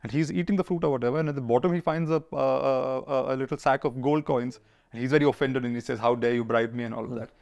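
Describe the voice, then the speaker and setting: Fast-talking man telling history. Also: medium pitch, gravelly, muffled recording. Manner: fast, animated storyteller acting out quoted figures. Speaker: historian guest. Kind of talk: conversational storytelling interview.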